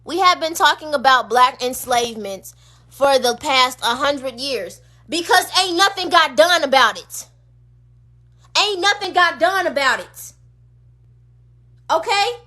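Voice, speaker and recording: A woman's voice: sits high, lively intonation, measured pace, pauses often, sharp tone. A woman on a phone livestream, delivering an impassioned rant full of emphatic, repeated rhetorical questions. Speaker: streamer.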